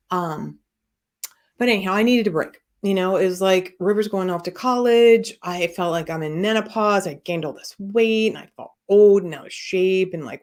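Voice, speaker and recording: A middle-aged woman hosting a podcast, telling a personal story in a candid, rambling way with many fillers and restarts. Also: fairly low pitch. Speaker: podcast host and business coach.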